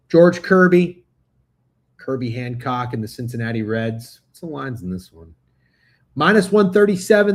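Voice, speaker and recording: A man hosting a sports betting livestream, talking casually and profanely, speaking straight to his chat. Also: a little high. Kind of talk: casual live-stream chat.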